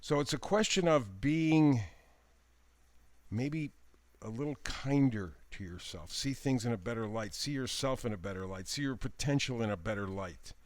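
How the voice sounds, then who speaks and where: A man giving a daily tarot reading in a gentle, encouraging voice. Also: medium pitch, lively intonation, normal speed, dry recording. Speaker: tarot reader.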